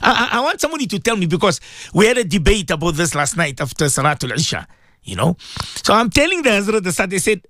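A man's voice: high-pitched, sing-song, fast, sharp tone, no echo, studio quality. A man hosting a morning radio show as a Maulana, talking casually and animatedly to listeners, often repeating words as he pleads and exclaims.

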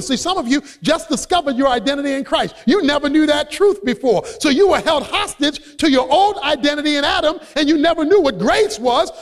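A man preaching a sermon as a pastor, emphatic and building up to shouts. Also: very high voice. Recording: long hall reverb.

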